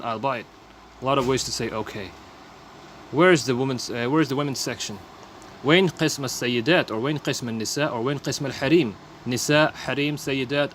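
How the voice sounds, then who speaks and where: Fast-talking man teaching vocabulary. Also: medium pitch, a little hiss or hum. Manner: repeats phrases, explains each word plainly. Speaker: language teacher. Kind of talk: casual vocabulary lesson.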